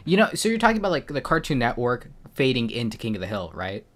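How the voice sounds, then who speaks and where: A young man co-hosting a casual live stream chat, telling jokey stories in an animated way. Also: medium pitch, quick pace. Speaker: podcast co-host.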